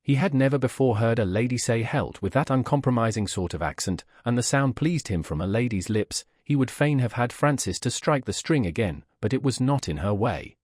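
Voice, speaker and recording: A man narrating a classic novel as an audiobook in a measured, literary manner. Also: mid-range voice, lively intonation, darkish tone, no echo, clean studio sound.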